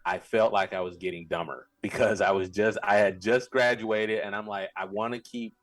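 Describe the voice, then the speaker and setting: A man's voice: lowish voice, moderate pace, no echo. A man co-hosting a podcast, chatting casually and often restarting his sentences. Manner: stammering restarts, animated. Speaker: podcast co-host. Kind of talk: casual chat.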